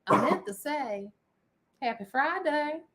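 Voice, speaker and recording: A woman's voice: high voice, lively intonation, takes it slowly, fairly bright tone. A woman co-hosting a casual chat show, playful and rambling, often breaking into giggles. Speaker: podcast co-host.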